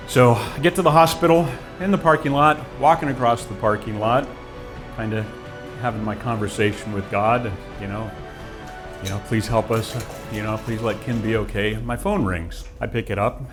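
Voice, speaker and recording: A man in his forties giving an earnest, reflective personal testimony, with frequent restarts. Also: on the low side. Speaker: guest telling his story.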